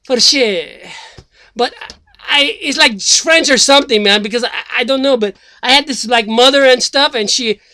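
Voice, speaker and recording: Man doing a rambling slacker guy running for president, bright, smooth, swears, loses track. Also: extremely high pitch, moderate pace, no echo. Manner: rambling, filler-heavy, swears, loses his thread. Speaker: self-styled presidential candidate. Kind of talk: comedic character monologue.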